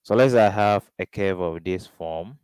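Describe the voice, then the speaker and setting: Brief: Ghanaian male tutor, lowish smooth voice, dry close sound, drills students with prompting questions. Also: moderate pace, darkish tone, no echo, low-quality recording. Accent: Ghanaian English. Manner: question-and-answer drilling, keeps asking "what?". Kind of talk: exam revision lesson.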